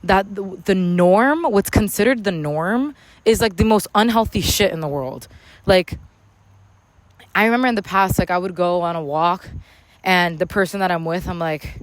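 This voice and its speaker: Loud, candid woman podcast host. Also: on the low side, normal speed, no room sound. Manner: loud, candid, slangy and profane. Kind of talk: casual motivational podcast monologue. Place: outdoors in a public spot near traffic.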